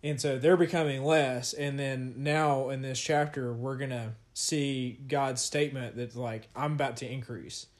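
A man's voice: mid-range voice, steady tone, unhurried, few pauses. A man casually discussing and reading scripture with a co-host, talking loosely with fillers and light laughs. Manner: conversational, with fillers and laughter, reads scripture aloud. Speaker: podcast co-host teaching scripture. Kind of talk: casual Bible study discussion.

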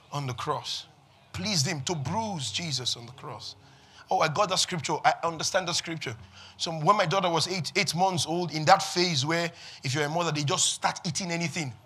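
A pastor preaching to his church, his voice high and bright. He calls out to the congregation and swings between hushed lines and shouts. Faint music plays underneath. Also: slightly rough. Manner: preaching with call-and-response, swinging from quiet to shouting. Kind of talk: sermon.

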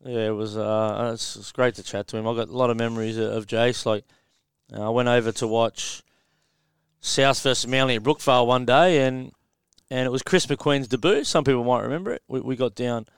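A man's voice: mid-range voice, fairly even intonation, a little fast, smooth, no echo, clean studio sound. An Australian man co-hosting a sports radio show, laid-back and matey. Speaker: radio co-host. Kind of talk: casual studio chat.

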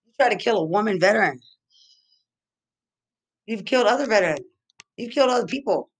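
Her voice sits mid-range with a fairly bright tone as this woman from Texas rants angrily and at length. The monologue circles back to the same accusations again and again, laced with profanity and plenty of agitation.

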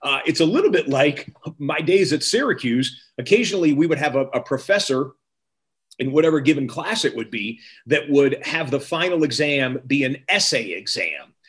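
A man, a sports television host, telling stories in a casual interview, lively and quick to act out quotes. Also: on the high side. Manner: energetic storyteller, quotes others in lively voices.

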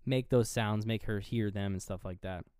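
A podcast co-host with a lowish, darkish, clear and resonant voice speaks at normal speed with fairly even intonation. He casually retells a horror movie scene by scene, rambling, swearing freely and laughing at himself. The studio sound is clean, with no echo.

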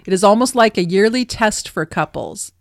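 A woman's voice: mid-range voice, expressive, moderate pace, vocal fry, no echo. Dry-sounding female podcast co-host. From Southern California. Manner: laughs often, reads tips aloud from an article. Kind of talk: casual chat.

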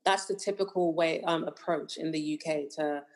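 On a laid-back podcast, a co-host from the United Kingdom talks casually, using many filler words. She has a British accent touched by Nigerian speech, with a low voice, fairly even intonation and moderate pace.

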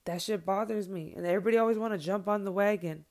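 A woman's voice: mid-range voice, fast, a little mellow. A woman in her thirties, a mother, talks candidly to viewers in a blunt, heated and profane monologue. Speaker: mother sharing her views.

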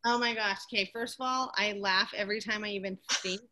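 A woman co-hosting a casual podcast, enthusiastic and quick to laugh. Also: medium pitch, steady tone, bright, forceful tone. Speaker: podcast co-host.

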